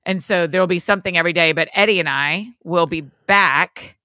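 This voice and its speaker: A woman's voice: lowish voice, fairly quick, sharp tone, no echo, clean studio sound. A woman hosting a podcast, chatting casually and laughing often with her co-host. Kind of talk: casual chat.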